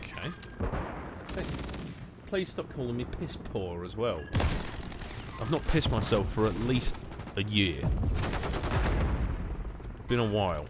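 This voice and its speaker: British man, 27, low voice, sarcastic rambling game commentary, loud gunfire behind. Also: expressive, slow, pauses often, very noisy. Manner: self-mocking, sarcastic, rambling. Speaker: gaming streamer. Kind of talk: casual gameplay commentary.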